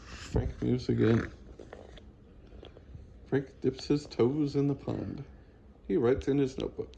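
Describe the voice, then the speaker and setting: A man reading a children's storybook aloud in a gentle, unhurried way. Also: mid-range voice, fairly even intonation, gravelly, dull audio, a little hiss or hum. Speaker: storybook reader.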